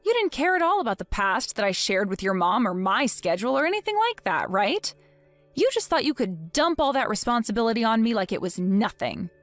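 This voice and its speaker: A vengeful young wife taunts her husband with cool, mock-innocent menace, as a woman acts her out. The voice sits a little high and sounds dry and close to the mic. Soft music plays underneath. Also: big pitch swings, a little fast, no echo. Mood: scheming. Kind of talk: dramatized story narration.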